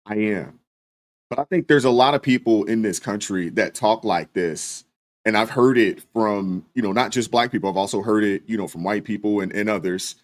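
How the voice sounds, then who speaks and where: A man hosting a live stream, reading viewer super chats and talking through them in a relaxed way, with lots of fillers. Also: lowish voice, moderate pace. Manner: relaxed, many fillers, thanks viewers by name. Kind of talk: casual live stream commentary.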